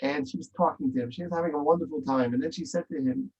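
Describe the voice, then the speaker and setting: A man's voice: a little high, quick pace, a little mellow, breathy edge. A man telling a story in an interview, emphatic and repeating phrases. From Israel. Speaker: interview guest. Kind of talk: storytelling in conversation. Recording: dull lo-fi recording.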